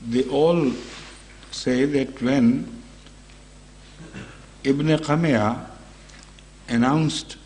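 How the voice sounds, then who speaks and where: A man giving unscripted religious commentary on a scripture verse, speaking in a measured way with frequent pauses, fillers and self-corrections. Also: mid-range voice, a little mellow. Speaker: religious scholar explaining a Quran verse.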